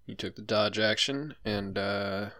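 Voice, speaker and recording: A man's voice: fairly low pitch, measured pace, bright, forceful tone. A man runs a tabletop game as its dungeon master. He talks casually, throwing in chatty asides and laughing often as he explains the scene. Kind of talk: running a tabletop game over voice chat.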